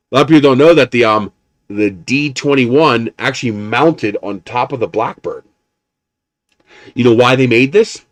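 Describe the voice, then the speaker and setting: A man's voice: medium pitch, dry recording. A man live streaming, chatting casually and telling rambling stories, swearing now and then and chuckling often. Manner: chuckles often while talking. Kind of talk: casual chat.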